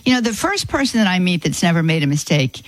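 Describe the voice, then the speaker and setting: A woman hosting a Catholic call-in radio show, folksy and quick to exclaim in sympathy. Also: lowish voice, very animated, dry recording, rough recording. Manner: warm-hearted, folksy, exclaims often. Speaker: radio host. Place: radio studio.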